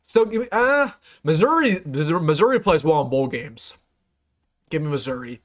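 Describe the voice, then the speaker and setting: A young man hosts a casual live sports stream and runs through his picks. His voice sits a little high, and his delivery is excitable and emphatic. He often repeats a line to drive the point home. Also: normal speed. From United States. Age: young adult. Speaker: sports channel host.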